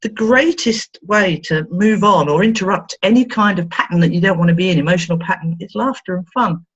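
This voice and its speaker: A woman therapist with a husky voice talks a little fast in an interview, playfully telling stories. She acts out the voices she quotes with big pitch swings, and the recording sounds dull and lo-fi.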